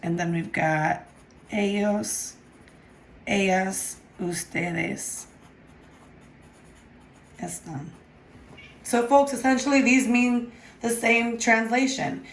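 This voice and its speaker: A woman's voice: mid-range voice, steady tone, takes it slowly, long pauses, a little hiss or hum. A woman teaching a recorded grammar lesson, patient and often checking with "okay?". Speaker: Spanish teacher.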